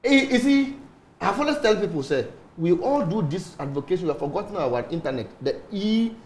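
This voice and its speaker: A Ghanaian man speaks on a morning show panel in a high, swooping voice. He slips Twi phrases into his English. The studio is echoey. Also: animated, a little fast, slight background noise. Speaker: studio guest.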